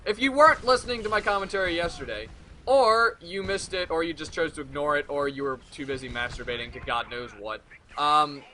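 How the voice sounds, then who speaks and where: Brief: late-teen male commentator, very bright, slightly high voice, loose and profane. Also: animated, fairly quick, slight background noise. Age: late teens. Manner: rambling, profane, jokey. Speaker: gaming video commentator. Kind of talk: casual rambling commentary.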